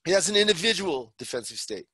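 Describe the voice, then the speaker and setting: A man's voice: a little high, sing-song, fairly quick, pushed and bright, breathy edge, no room sound. A man teaching psychology in an explanatory talk, checking in with frequent "okay?" and acting out short example dialogues.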